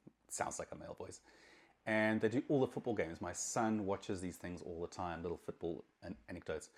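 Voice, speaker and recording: A middle-aged man, host of a marketing podcast, talks straight to camera in a casual, emphatic way and often repeats words as he restarts. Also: lowish voice.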